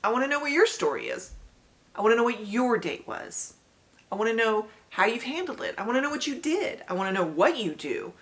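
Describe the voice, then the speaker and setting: A woman's voice: a little high, sing-song, fairly quick, fairly bright tone. A woman in her forties hosting her own channel, telling her story to camera in a chatty way, often laughing and speaking straight to her viewers.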